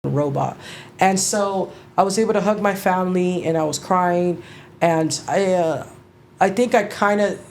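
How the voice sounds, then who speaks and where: A middle-aged woman with a fairly low voice, telling her own story as an interview guest. She talks in a halting, emotional way, restarting sentences and swearing casually. Faint noise sits under her voice. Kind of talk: personal storytelling.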